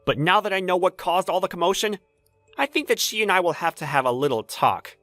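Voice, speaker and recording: A woman's voice: on the low side, lively intonation, fairly quick, fairly bright tone, no echo, faint music behind. A woman voicing a caring female company boss, worried and indignant, in a voiced story drama. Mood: concerned.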